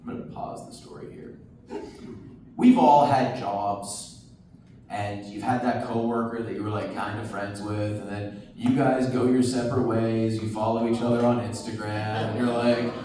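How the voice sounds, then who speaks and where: A man performing a stand-up comedy set on a club stage, telling his story in an animated way and acting out the people in it. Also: lowish voice, normal speed, noisy background. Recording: roomy club sound, mic heard from a distance.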